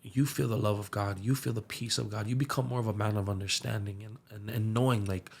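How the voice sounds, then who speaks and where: A young man with a light lilt telling his story earnestly on a podcast, his voice dropping to a hush when it gets emotional. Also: fairly low pitch, fairly even intonation, a little fast, gravelly, breathy edge. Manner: earnest, slips into soft hushed tones when emotional. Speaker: musician and aspiring pastor.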